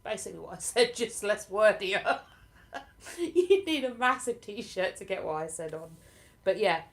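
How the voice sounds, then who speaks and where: A woman's voice: mid-range voice, lively intonation, moderate pace. A woman from southern England with a southern English accent tinged with Lincolnshire, a livestream host chatting casually with viewers, self-deprecating and laughing often. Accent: southern English, partly Lincolnshire. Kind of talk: casual live chat answering viewer comments.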